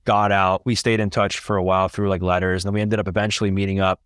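A man with a fairly low voice speaks as an interview guest, recounting his story with candid earnestness and open feeling. His delivery is heartfelt and conversational. The recording is close and dry. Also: level tone, quick pace, a bit bright, clear, resonant tone, no echo. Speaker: podcast guest.

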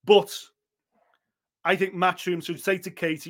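A man's voice: high voice, level tone, unhurried, fairly bright tone. A man giving blunt, opinionated boxing talk on a podcast, swearing freely and acting out what others might say. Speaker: boxing pundit.

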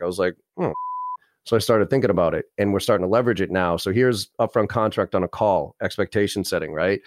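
Middle-aged guy, fast, acts out sales calls, kinda low voice, dry close sound. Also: no echo. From Boston area, US. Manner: rapid, animated, role-plays sales calls. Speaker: sales trainer, guest. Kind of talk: casual podcast interview.

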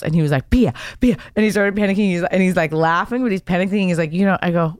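A woman in her thirties with a smooth, resonant voice, chatting on a podcast. She tells stories with animated energy, swearing casually and laughing often. The sound is dry and close. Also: lowish voice, fast, hardly any pauses, no echo. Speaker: podcast host. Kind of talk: casual chat.

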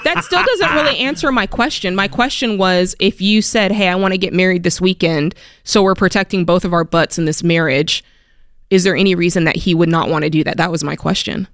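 Woman radio advice host, firm and practical, smooth voice, dry studio sound. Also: fairly low pitch, fairly even intonation, a little fast, no room sound. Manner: direct, practical, laughs while staying serious.

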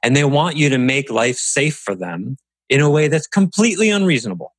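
A man talking casually on a podcast, animated and acting out quoted voices as he tells stories. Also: mid-range voice, fairly quick, no room sound, rough recording. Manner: animated storyteller, acts out quotes. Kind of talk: casual conversational podcast talk.

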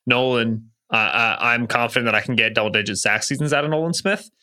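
A man's voice: medium pitch, fast, bright, forceful tone, smooth. A man co-hosting a casual sports podcast, giving analysis with dry humor. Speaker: podcast co-host. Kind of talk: casual chat.

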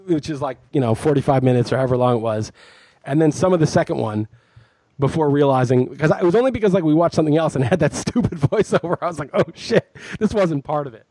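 Man, podcast co-host, casual chat, rambling self-mocking storyteller, fairly high voice, husky, mellow tone. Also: fast, no echo.

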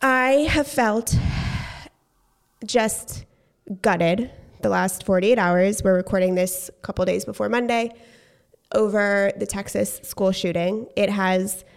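A woman's voice: medium pitch, slow pace, creaky, clear, resonant tone. Chatty pregnant woman on a podcast. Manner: chatty, candid, swears casually. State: pregnant, gets out of breath. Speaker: podcast co-host. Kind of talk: casual podcast chat.

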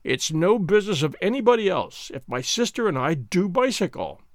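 An irritable young teacher, voiced by a male reader, answers curtly and sulkily. His lines sit lower than the narration. The sound is dry and close. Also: very animated, normal speed, no echo. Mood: angry. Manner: curt, sulky.

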